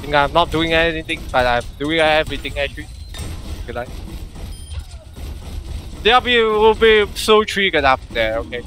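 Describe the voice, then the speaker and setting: A man giving live gameplay commentary, swinging between excited shouts and giggling, muttered asides. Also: fairly high pitch, normal speed, long pauses. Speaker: gamer.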